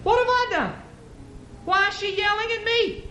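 A man voicing a confused ten-year-old boy who wonders why he is yelled at. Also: extremely high pitch, moderate pace, echoey room, slight background noise, voice pushed up. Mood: bewildered. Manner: bewildered, whining.

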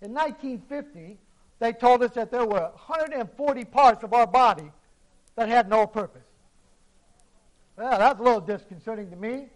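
A man delivers a sermon with a dramatic storyteller's manner. His voice is unusually high for a man. He swings between hushed, low-volume lines and forceful, emphatic declarations. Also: animated, moderate pace, rough recording. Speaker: preacher.

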